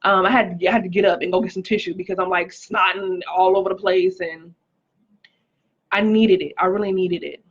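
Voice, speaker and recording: A woman talks through a personal testimony on a live stream, earnest and emotional, reading out viewer comments. Her voice is husky and breathy at a middle pitch. The sound is dull and lo-fi. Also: steady tone, fairly quick. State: pregnant, recovering from stroke. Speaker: life coach.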